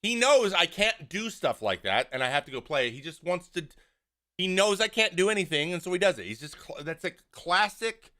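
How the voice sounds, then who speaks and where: A man's voice: sits high, normal speed. A man hosting a casual talk show, breaking down a game clip, blunt and exasperated, acting out what players say. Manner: animated, acts out what players say. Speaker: host, former pitcher. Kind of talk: casual video breakdown commentary.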